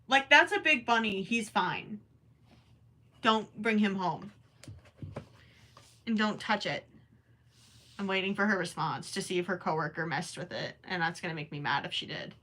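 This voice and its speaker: A woman's voice: medium pitch, lively intonation, moderate pace, long pauses, bright, forceful tone. A young woman chatting casually on a crochet livestream, reading and answering viewers as she works. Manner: chatty and distracted, often stops to count stitches under her breath.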